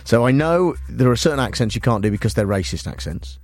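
Lively male radio host. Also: medium pitch, fairly quick, no echo. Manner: teasing, provocative, rhetorical questions. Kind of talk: talk radio banter.

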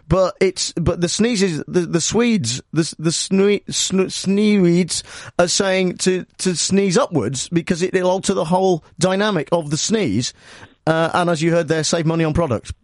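A man hosting a radio phone-in, fairly high-voiced and hesitant, forever stumbling over his words. The studio sound is close and dry. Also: normal speed, no echo. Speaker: radio host. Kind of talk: comic radio phone-in sketch.

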